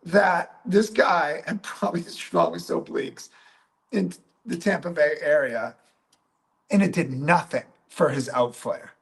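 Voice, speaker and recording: A man's voice: a little high, a little slow. A man, a physical therapist, teaching through a patient story, often checking in with "right?" and "okay?" and acting out what he said back then. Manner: animated, peppers talk with "right?" and "okay?"; acts out his own past remarks. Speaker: physical therapist and clinic coach.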